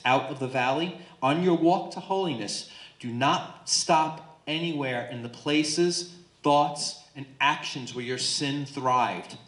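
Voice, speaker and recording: A man's voice: medium pitch, fairly bright tone. A man leading a Bible study in a church, teaching emphatically and often checking in with listeners. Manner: emphatic, asks listeners questions. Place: church room. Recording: roomy echo.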